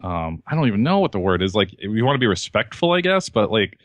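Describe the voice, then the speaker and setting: Low-voiced, foul-mouthed podcast co-host man. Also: very animated, fast talker, no echo. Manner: profane, ranting, exasperated. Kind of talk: casual podcast chat.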